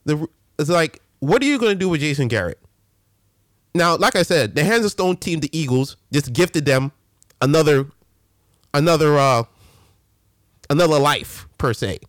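A man hosting a casual sports rant, animated and full of slang and restarts. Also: on the high side, moderate pace, long pauses, no echo, studio quality. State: a little winded. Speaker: sports show host.

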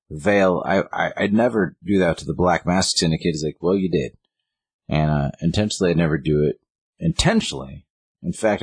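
A man's voice: rumbling low, husky, no echo. A man co-hosting a casual podcast, rambling through a comic's plot and acting out the quotes. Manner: rambling, acts out quotes with "he's like". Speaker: podcast co-host. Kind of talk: casual chat retelling a comic.

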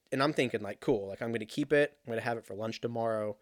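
A young man telling a rambling, profane story in a casual monologue, animated and laughing at himself. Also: fairly low pitch, a little fast, few pauses, no echo, clean studio sound.

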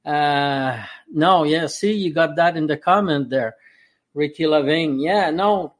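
A man's voice: on the high side, takes it slowly. A middle-aged man from Canada with a French Canadian accent, a guest talking earnestly in a casual discussion. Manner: earnest, repeats himself for emphasis.

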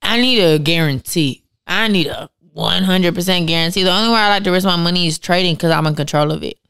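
A young woman telling a story as a podcast guest, animated and slangy, swearing freely. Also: on the low side, fast, clear, resonant tone, no echo, studio quality. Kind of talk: casual storytelling chat.

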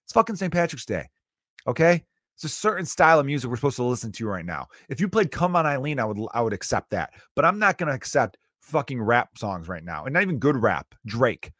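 A man's voice: medium pitch, very animated, fast, few pauses, a bit bright, dry recording, studio quality. A man hosting a podcast, ranting in a casual, profane, exasperated way. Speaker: podcast host. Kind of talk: casual solo rant.

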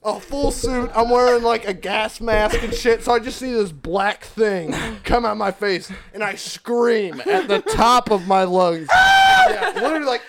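A young man in casual chat with friends, telling a long rambling story full of laughter and shouting. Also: sits high, lively intonation, moderate pace, hardly any pauses, crowd noise.

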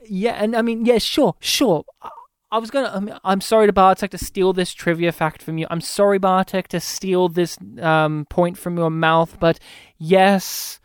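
A man's voice: high voice, steady tone, moderate pace, clear, resonant tone, no echo, clean studio sound. A man hosting a casual movie review chat, enthusiastic and rambling. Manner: enthusiastic, rambling, quotes lines in funny voices. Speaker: podcast host.

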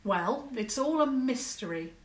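A woman voicing a practical schoolboy who calls out briskly and a little crossly in a storybook reading. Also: on the high side, very animated, a bit bright, echoey room, far from the mic. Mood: curt. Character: boy, practical and a bit cross.

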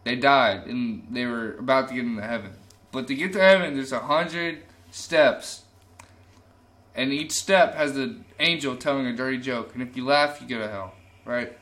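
Male podcast co-host, bright, laughs at his own jokes. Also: mid-range voice, moderate pace. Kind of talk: casual joke-telling chat.

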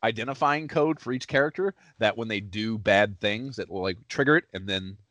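A man co-hosting a casual gaming podcast, talking in an animated, profane way and laughing often. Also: on the low side, brisk, no echo. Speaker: podcast co-host.

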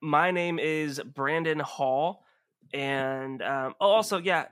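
A young man hosting a podcast and chatting casually with his players, talking fast and rambling, laughing often. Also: on the high side, a bit bright, clean tone, dry recording, studio quality. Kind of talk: casual chat.

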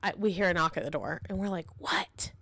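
A woman in her thirties, a podcast host and mother, telling a story in a casual, animated and dramatic way. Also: lowish voice, racing, vocal fry, no echo.

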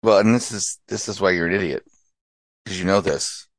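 A man with a deep, low voice hosts the chat in a blunt, teasing way and needles his guest. The recording is close and dry. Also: normal speed, no room sound. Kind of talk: casual chat.

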